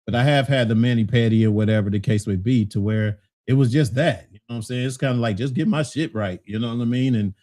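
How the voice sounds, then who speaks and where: A man's voice: medium pitch, darkish tone. A man hosting a casual talk show, reading listener comments and answering in a loose, conversational way. He laughs often and keeps saying "you know what I'm saying".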